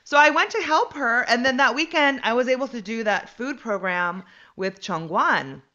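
Animated rambling woman, bright tone. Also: a little high, moderate pace, dull audio. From United States. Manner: animated and rambling, many fillers. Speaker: guest, comedian. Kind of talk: casual storytelling chat.

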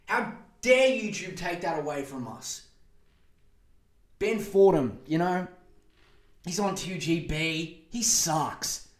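A man's voice: fairly high pitch, animated, slow pace, long pauses. A man hosting a podcast, giving a crude, sarcastic comedic rant full of mocking insults. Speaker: podcast host. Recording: echoey room.

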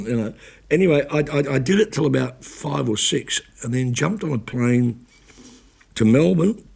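Raspy gravelly guy, old radio broadcaster type, rambles and backs up, swears bluntly. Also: medium pitch, darkish tone. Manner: rambling, self-correcting storyteller with blunt swearing. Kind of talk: casual spoken recollection.

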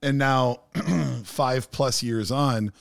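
A man's voice: mid-range voice, drawn-out words, gravelly, no echo, clean studio sound. A man hosting a podcast, telling rambling stories in casual chat with lots of fillers. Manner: rambling storyteller, many fillers. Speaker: podcast host.

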